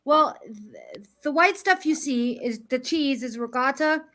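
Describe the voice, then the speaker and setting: A woman with a fairly high voice chats casually, walking her friends through explanations. She talks in a friendly, easygoing way. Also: lively intonation, measured pace, bright, forceful tone. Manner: chatty, explains things. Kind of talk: casual group chat.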